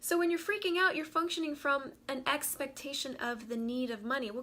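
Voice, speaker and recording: A woman hosting a casual live-stream talk, animated and chatty, greeting viewers by name as she goes. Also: on the high side. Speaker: host of a live money talk.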